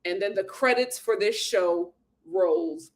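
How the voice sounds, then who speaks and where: A woman's voice: mid-range voice, expressive, slow. A woman hosting a casual reality TV recap, animatedly retelling scenes, acting out the quotes and laughing often. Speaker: host.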